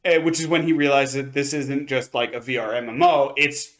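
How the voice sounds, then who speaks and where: A man's voice: medium pitch, steady tone, fairly quick. A man co-hosting an anime review podcast, recapping an episode in a rambling way, with many fillers and restarts. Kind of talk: casual review chat.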